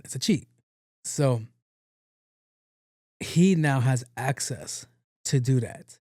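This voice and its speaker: A man with a warm, mid-range voice hosts a podcast, recorded in a clean studio with no echo. He recaps a movie in a rambling, profane, casual way, acting out the characters' lines.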